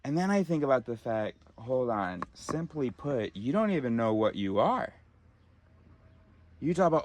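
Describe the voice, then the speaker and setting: A man's voice: medium pitch, sing-song, moderate pace. A man ranting in a profane, exasperated monologue, recorded in a car. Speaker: vlogger.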